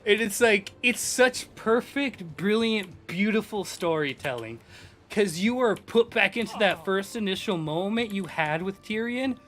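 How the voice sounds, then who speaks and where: A young man, a game streamer, rambling in excitable, profane casual chat at his home gaming setup on a desk microphone. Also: high voice, unhurried.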